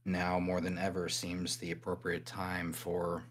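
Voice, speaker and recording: Man as a determined robot fighter with a very low voice and quiet resolve. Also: monotone, a little slow. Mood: resolute. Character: determined male robot warrior pushing his limits.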